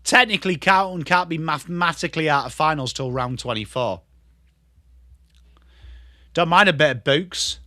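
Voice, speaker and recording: A high-pitched young Englishman with a bright, forceful tone calls the footy live on his stream. He flips between rapid play-by-play and loose, sweary chat with viewers, all recorded close and dry. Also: no room sound. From England. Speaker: livestream host. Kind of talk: live football watchalong commentary.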